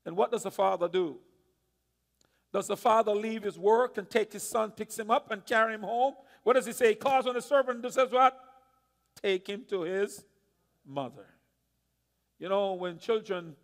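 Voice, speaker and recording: A male pastor preaching a sermon, telling a story dramatically, dropping to a hush and then rising loud. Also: sits high. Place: church sanctuary. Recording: long church reverb.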